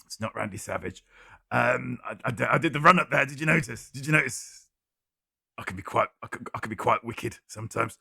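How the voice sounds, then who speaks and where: A man hosting a live-streamed guessing game, reading out viewers' guesses and answering them with wry, deadpan jokes. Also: medium pitch, moderate pace, creaky, husky, no echo, clean studio sound.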